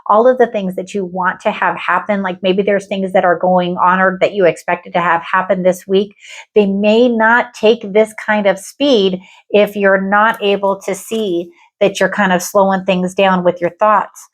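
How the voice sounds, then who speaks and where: A woman gives a spiritual tarot reading in a voice of ordinary pitch. She speaks earnestly and gently, offering soft reassurance. When she reads card descriptions aloud, her delivery turns measured and calm.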